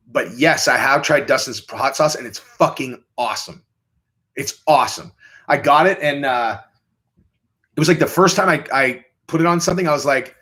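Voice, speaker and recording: Rambling crude man on a livestream. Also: pushed and bright. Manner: rambling, crude, jumps into high mocking voices when quoting. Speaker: livestream host. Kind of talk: casual livestream chat.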